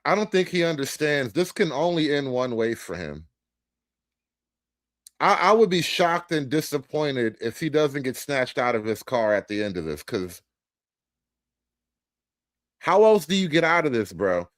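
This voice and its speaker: A man's voice: mid-range voice, sing-song, a little slow, long pauses, a bit bright, no room sound. A man giving a casual, profane, joking commentary as the host of a reaction show.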